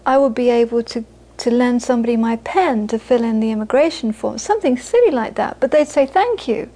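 High-voiced woman giving a chatty teaching talk. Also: a little fast, warm tone. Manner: chatty and anecdotal, with frequent laughter. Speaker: meditation teacher. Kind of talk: casual spoken teaching talk.

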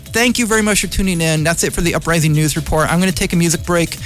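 A high-pitched man behind a community radio mic, working through a heated, rambling opinion monologue. He argues, circles back and presses his points. Soft music plays faintly underneath. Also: fast talker. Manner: impassioned, rambling, argumentative. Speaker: radio show host.

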